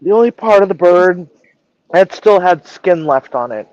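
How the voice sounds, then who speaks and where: A woman's voice: on the low side, expressive, normal speed, darkish tone, no echo, muffled recording. A woman chef telling a story in a casual live stream, acting out the dialogue and swearing freely. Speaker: chef and culinary director.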